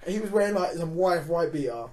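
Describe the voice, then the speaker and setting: A man's voice: a little high, animated, a little fast, over a noisy crowd. A man telling a long story in a casual podcast chat, laughing and restarting often. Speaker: podcast guest.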